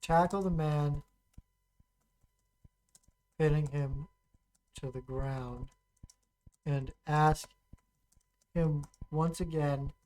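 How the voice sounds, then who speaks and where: A streamer casually playing a text adventure, reading the story aloud and thinking out loud while typing, often pausing and restarting. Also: mid-range voice, steady tone, poor audio. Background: keyboard typing and clicks.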